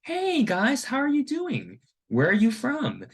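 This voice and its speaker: Man doing a high, shrill Italian luggage guy, loud and offended. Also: huge pitch swings, slow, heavily acted. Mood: friendly. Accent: put-on Italian. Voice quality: shrill, high-pitched mimicry. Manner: indignant and shouting. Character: loud, touchy male Italian luggage attendant.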